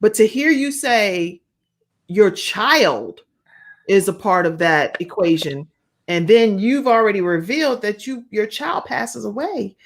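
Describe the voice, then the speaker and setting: A woman's voice: medium pitch, sing-song, unhurried. A woman hosting an online talk show, emphatic, often repeating herself and humming agreement. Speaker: host. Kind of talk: casual chat on a livestream. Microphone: video call.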